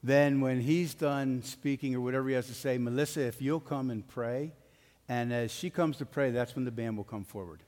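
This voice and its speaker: A man's voice: medium pitch, moderate pace, a little mellow. A male pastor preaching a sermon with an emphatic rising and falling cadence. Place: church sanctuary. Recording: long hall reverb.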